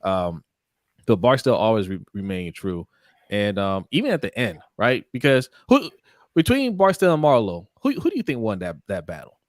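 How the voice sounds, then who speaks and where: A man with a fairly low voice chats on a podcast, asking "right?" to draw others in. The sound is dry and close to the mic. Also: sing-song, normal speed, no room sound. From Baltimore. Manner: conversational, seeks agreement with "right?". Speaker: podcast co-host. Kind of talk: casual podcast chat.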